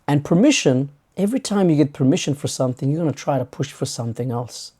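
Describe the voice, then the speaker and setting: A man with a somewhat high, expressive voice and dark tone talks quickly while hosting his channel. He works through a reflective monologue, acting out imagined conversations in a conversational style.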